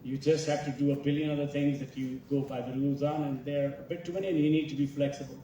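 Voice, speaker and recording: A director telling animated stories at a festival masterclass, quoting other people as he goes. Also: mid-range voice, quick pace, slight background noise. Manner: animated storytelling, quotes others. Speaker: film director. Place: large festival hall. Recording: echoey hall, picked up from far off.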